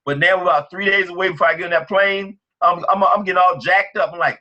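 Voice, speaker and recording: A man leading a team training call as a motivational pep talk, energetic and repetitive. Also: high-pitched, fast talker.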